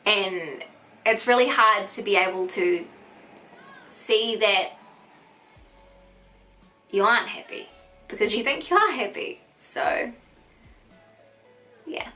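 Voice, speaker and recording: Faint music sits behind this vlogger, a 25-year-old woman with a New Zealand accent telling a frank, chatty personal story to camera as a candid storytime monologue. She leans on "like" a lot, and her medium-pitched, sharp voice is animated, slow, and full of pauses.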